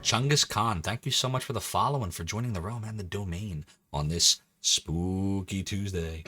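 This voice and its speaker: Low-voiced chatty male streamer. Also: expressive, a little fast, over music. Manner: chatty, rambling, laughs often. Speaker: game streamer. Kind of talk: casual live-stream commentary.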